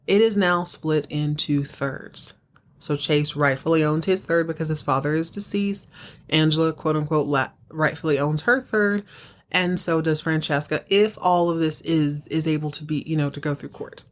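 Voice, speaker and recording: A woman hosting a podcast, recapping a TV episode in a chatty, animated storytelling way. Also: sits low, normal speed. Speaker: podcast host.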